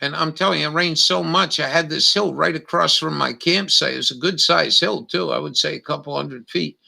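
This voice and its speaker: A man's voice: fairly high pitch, fairly quick, gravelly, sharp tone, echoey room, recorded from a distance. An older man telling rambling, profane stories in a meandering monologue. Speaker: vlogger.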